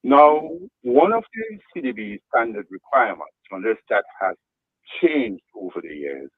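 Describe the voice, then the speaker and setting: A man on a radio talk show, speaking in a deliberate way and walking the other speaker through a chain of leading questions. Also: on the low side, big pitch swings, no echo, phone-quality sound.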